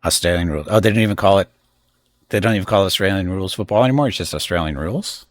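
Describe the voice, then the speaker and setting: A middle-aged American man streams live, racing through a list of games in rambling, casual commentary with opinionated asides to chat. His voice is low-pitched.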